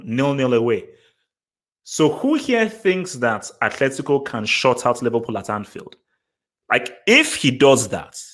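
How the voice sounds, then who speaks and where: Excitable man rambling through football analysis. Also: mid-range voice. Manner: excitable, rambling, many restarts and repeats. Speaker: livestream host. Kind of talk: casual live football post-match analysis.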